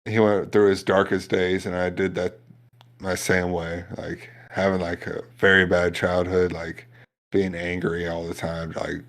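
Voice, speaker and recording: Young man, very low pitch, casual podcast chat, rambling, filler-heavy. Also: little pitch movement, a little slow, fairly bright tone. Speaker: podcast co-host.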